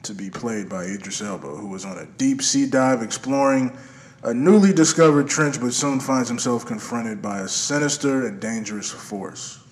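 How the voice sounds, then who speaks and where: A man's voice: medium pitch, normal speed. A man co-hosting a casual podcast, matter-of-fact and dry, reading article summaries aloud. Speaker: podcast co-host.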